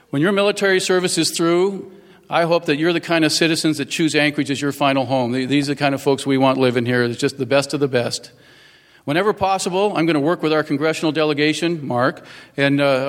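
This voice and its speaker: In a large hall, a man in his fifties who has just been sworn in as mayor thanks people at the ceremony. His voice is a little high, and his speech is folksy and earnest, packed with fillers.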